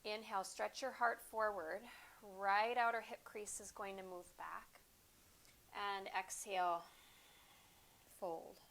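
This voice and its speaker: A woman teaching a yoga class, calmly cueing breaths and poses at an unhurried pace. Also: mid-range voice, vocal fry. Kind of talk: guided yoga class instruction.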